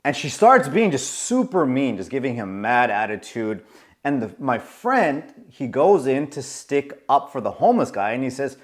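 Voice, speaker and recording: A man in his forties telling a story to camera in a casual, animated way, acting out the voices of the people in it. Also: mid-range voice, a little slow. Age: 40s. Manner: animated, acts out quoted voices. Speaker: coach.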